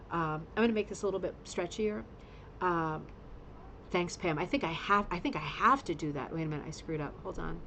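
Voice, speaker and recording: A woman's voice: mid-range voice, fairly bright tone, slight background noise, low-quality recording. A woman hosting a casual craft club livestream, gushing with effusive praise and rambling with fillers, talking in a home studio with a green screen. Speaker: host of a rug hooking club livestream. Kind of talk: casual livestream show-and-tell.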